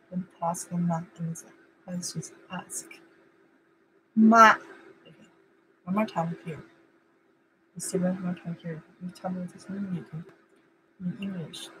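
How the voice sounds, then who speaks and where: A woman's voice: lowish voice, flat delivery, unhurried, pauses often, mellow, slight background noise, rough recording. A woman whose first language is Chinese, teaching an online language lesson in simple, broken English and repeating words over and over for practice.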